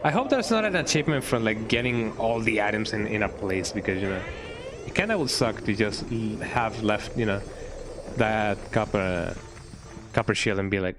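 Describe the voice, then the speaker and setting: A man's voice: fairly low pitch, expressive, normal speed, background noise. A man casually commenting while streaming a video game, chatty and often tagging his lines with "eh". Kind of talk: casual let's-play commentary. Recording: game music behind voice.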